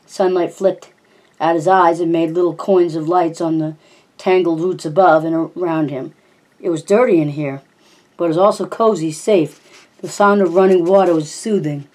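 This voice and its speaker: Brief: woman audiobook reader, low warm voice, plain steady reading. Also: normal speed. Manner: steady, plain narration with small slips. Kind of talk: reading a novel aloud.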